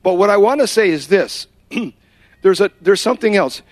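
A man's voice: high voice, lively intonation, normal speed, no echo. A man giving a sermon, telling a personal story and acting out the quotes, with Spanish phrases dropped in. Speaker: preacher.

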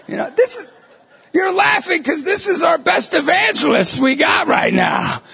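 A middle-aged man from New York State, a lay minister giving a jokey, animated talk to a live audience and acting out voices as he goes. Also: extremely high pitch, unhurried, gravelly, raised voice. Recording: long hall reverb.

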